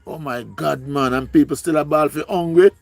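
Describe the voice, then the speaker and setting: A man's voice: a little high, normal speed, creaky, no echo. A man with a Jamaican accent, pleading and repeating himself as he speaks emotionally to viewers on a live stream. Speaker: livestreamer.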